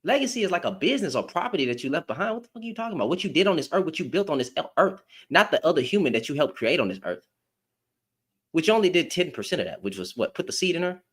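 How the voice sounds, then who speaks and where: A man's voice: a little high, big pitch swings, very fast, breathy edge. A man giving a blunt, profane opinion rant to camera, firing off rhetorical questions as a commentary vlogger.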